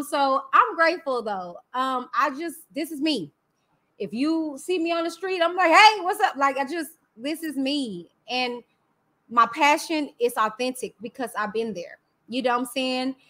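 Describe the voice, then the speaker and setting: A woman with a Texan accent hosting a live stream, talking candidly and lively straight to her viewers. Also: high voice. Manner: lively and candid, talks straight to viewers with "y'all" and "you know what I'm saying". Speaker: livestream host. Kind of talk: casual live-stream commentary.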